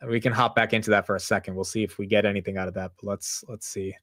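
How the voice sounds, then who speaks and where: Quick-paced and fairly low in pitch, this young host runs a stock market livestream. He rambles with animated, laid-back energy, repeatedly calling people "dude" and "bro."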